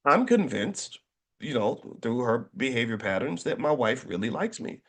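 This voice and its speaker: A middle-aged man talking casually to an audience, an animated storyteller who jokes and restarts his sentences often. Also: mid-range voice, normal speed. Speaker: finance educator and speaker.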